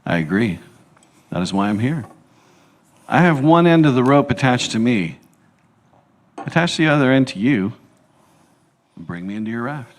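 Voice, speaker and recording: A man voicing a steady, reassuring divine rescuer who throws a rope, heard offstage during a church skit. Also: mid-range voice, normal speed, pauses often, lightly acted. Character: calm male divine rescuer offering a rope.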